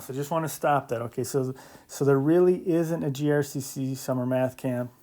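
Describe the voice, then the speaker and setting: A man's voice: fairly high pitch, steady tone, brisk, dark tone. A man teaching a recorded math lecture, explaining step by step in a conversational way, with joking asides and frequent checks like "right?". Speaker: math instructor.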